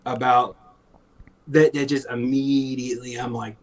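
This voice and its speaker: A man with a husky, slightly breathy voice talks in loose, unscripted chat. He is sarcastic and swears freely, and he breaks into laughter often. At times he mocks people in put-on voices. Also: medium pitch, brisk, rough recording. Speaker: podcast co-host. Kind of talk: casual chat.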